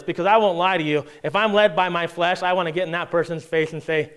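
A man's voice: high voice, quick pace, few pauses, a bit bright, smooth. A middle-aged man preaching a sermon, reading scripture aloud and building intensity as he speaks. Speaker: pastor.

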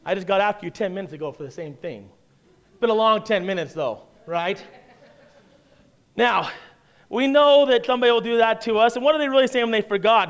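A man's voice: high voice, brisk, a bit bright, clear, resonant tone. A man preaching a sermon in a church, telling a family story in a conversational way with wry humor. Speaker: pastor.

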